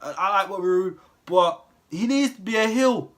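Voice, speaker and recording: A man's voice: high voice, normal speed, a bit bright. A young man delivering a heated, profane rant with exasperated rhetorical questions. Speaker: wrestling commentary vlogger. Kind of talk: profane ranting monologue.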